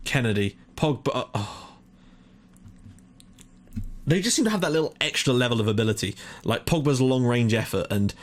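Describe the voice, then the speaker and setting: A young man giving excitable live commentary on his own football management game, thinking aloud and swearing when it goes wrong. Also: medium pitch. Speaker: gaming commentator.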